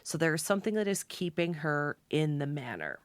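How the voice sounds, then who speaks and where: A woman co-hosting a podcast in casual book chat, telling the plot with lively storytelling, frequent laughs and free swearing. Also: low voice, a little fast, no echo, studio quality. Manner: animated storytelling, swears freely, laughs often. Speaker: podcast co-host.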